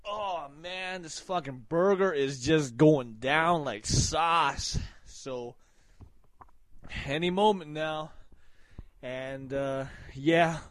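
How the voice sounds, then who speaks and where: A man giving casual, profane hype shout-outs in a swaggering way, breaking into loud shouted names. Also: fairly high pitch, extremely slow, no room sound, low-quality recording.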